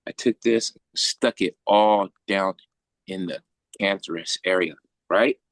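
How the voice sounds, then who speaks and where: A low-pitched man speaks slowly with no echo, telling a long personal story in casual talk. He is animated, swears freely, and acts out the voices of the people in it.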